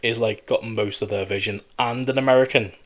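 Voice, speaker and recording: A man's voice: medium pitch, steady tone, a little fast, fairly bright tone. Teasing male podcast host. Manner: teasing, provocative jokes. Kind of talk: casual podcast chat.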